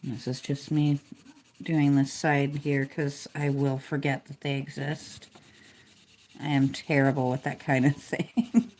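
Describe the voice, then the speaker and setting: Woman vlogger, low mellow voice, relaxed chatty coloring narration. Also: takes it slowly. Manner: relaxed, chatty, self-deprecating. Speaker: coloring video creator. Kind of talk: casual narration while coloring.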